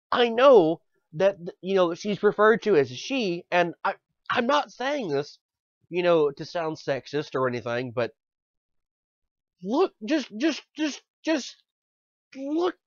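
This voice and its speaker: Podcast co-host, male, sweary and exasperated, lively pitch, dry close mic. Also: no room sound. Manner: exasperated, swearing, repeats words. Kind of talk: casual podcast rant. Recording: dull lo-fi podcast audio.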